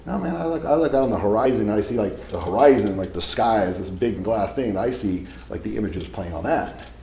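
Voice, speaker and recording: A man's voice: on the low side, expressive, fairly quick, gravelly, warm tone, reverberant, a little hiss or hum, low-quality recording. A man giving a live seminar talk to an audience, casual and profane, telling stories as he goes. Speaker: seminar speaker.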